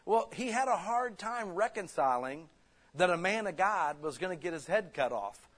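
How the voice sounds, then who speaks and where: Male pastor, slightly high voice, animated conversational preaching style. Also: moderate pace, breathy edge. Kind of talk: sermon.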